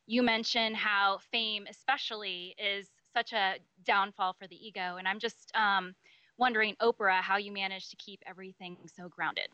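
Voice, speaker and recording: A woman's voice: mid-range voice, steady tone, moderate pace, sharp tone, smooth, no room sound, dull audio. A woman calling in over a webcast link to ask a question, hesitant and full of fillers. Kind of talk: asking a question on a live call.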